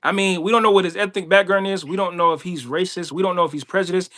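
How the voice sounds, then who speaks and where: A man co-hosting a casual livestream, talking in a relaxed, conversational way and repeating words when he cuts in. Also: sits high, quick pace.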